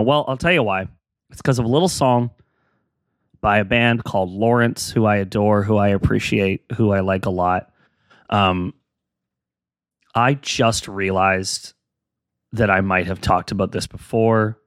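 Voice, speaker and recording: A man's voice: lowish voice, unhurried, pauses often, no echo, studio quality. A young adult man hosting a casual solo podcast, rambling and self-deprecating while he encourages his listeners. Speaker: podcast host.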